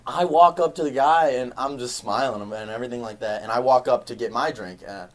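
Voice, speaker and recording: A young man co-hosting a casual podcast, telling a story in an animated way and laughing often. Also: medium pitch, a little fast. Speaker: podcast co-host.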